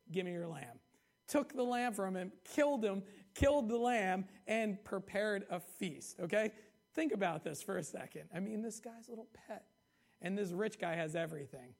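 A man preaching a sermon in a conversational way, reading scripture aloud and checking in with "okay?" and "right?". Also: high-pitched. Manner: reads scripture aloud with rising emphasis.

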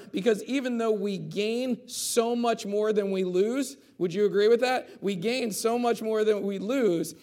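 A man preaching a sermon in a conversational way, often checking in with the listeners and acting out quotes. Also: sits high. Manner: conversational preaching, acts out quotes with asides like "okay?". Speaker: pastor.

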